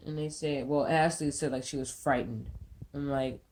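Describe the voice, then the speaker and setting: A woman telling a storytime vlog in an animated, profane, incredulous way. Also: sits low, normal speed. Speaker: vlogger.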